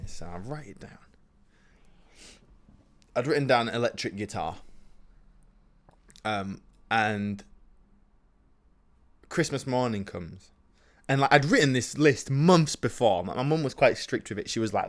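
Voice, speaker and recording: Animated young man storyteller. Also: fairly low pitch, measured pace, pauses often. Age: 20s. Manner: animated, rambling, jokey, swings from loud to mumbled. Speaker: podcast host. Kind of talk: casual solo storytelling.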